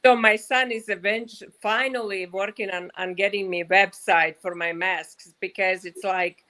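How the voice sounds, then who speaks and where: A woman fashion designer, a guest in a casual interview, talking in a relaxed way with many fillers, heard through a video call. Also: medium pitch, measured pace, rough recording. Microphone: video call mic.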